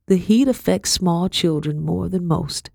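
A woman voicing a gentle, genteel lady in an audiobook, speaking softly and slowly with concern. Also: on the low side, vocal fry, no room sound, studio quality, pitched above the performer's own voice. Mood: kindly.

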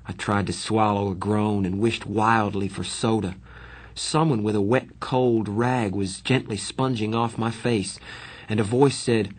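A man narrating a first-person story in measured, plain storytelling. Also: fairly low pitch, fairly even intonation. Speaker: audiobook narrator.

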